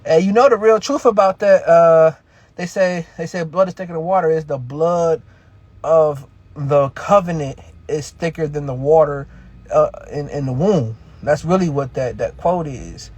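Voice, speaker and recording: A man's voice: fairly high pitch, moderate pace, a little mellow, husky. A man hosting a casual livestream, talking in a slangy, streetwise, motivational way and laughing often. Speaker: livestream host, reselling coach.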